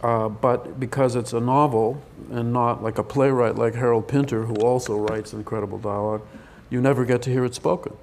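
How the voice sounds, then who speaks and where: An older man with a gravelly, creaky voice talks through a press Q&A, starting over often as he hunts for words. Faint noise hums under the recording. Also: mid-range voice, fairly even intonation, fairly quick, hardly any pauses, darkish tone. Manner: rambling, hesitant with many restarts. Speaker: film director. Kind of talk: press event Q&A.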